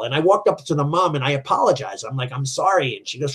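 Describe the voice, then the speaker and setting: Middle-aged man, slightly high voice, animated storyteller who acts out quoted dialogue. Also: quick pace, few pauses, breathy edge. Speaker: martial arts school owner. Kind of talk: storytelling in a business chat.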